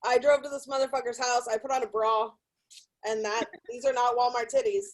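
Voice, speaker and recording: A woman's voice: fairly high pitch, little pitch movement, brisk, low-quality recording. A middle-aged woman from California doing crude, profane stand-up comedy from a hotel room. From Sacramento, California.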